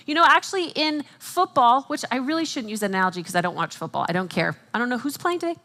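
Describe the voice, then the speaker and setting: A woman speaking at a Christian conference, teaching with animated asides and jokes for the audience. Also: a little high, fast talker. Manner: animated, quotes herself and others in acted voices.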